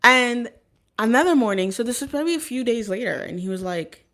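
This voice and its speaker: A woman's voice: on the high side, lively intonation, brisk, a bit bright. A woman telling a personal story in a casual, rambling way, with many fillers and restarts. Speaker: vlogger.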